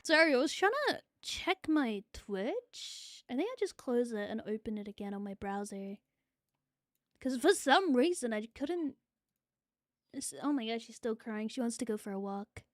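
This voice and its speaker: A woman's voice: on the high side, expressive, normal speed, no room sound, clean studio sound. A young woman streaming a game, chatting casually, swearing freely and laughing often. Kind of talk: casual gaming stream chat.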